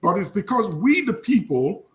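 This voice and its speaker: A man's voice: sits high, sing-song, moderate pace, heavy background noise. A man with a Nigerian accent, talking about politics and telling a story with quoted dialogue. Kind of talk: political discussion.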